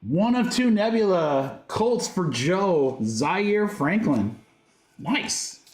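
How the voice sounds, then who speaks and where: A high-voiced man gives live card-break commentary in an upbeat, joking patter. His voice rings in a roomy, echoing space. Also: very animated, extremely slow. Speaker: host of a card-break livestream. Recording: roomy echo.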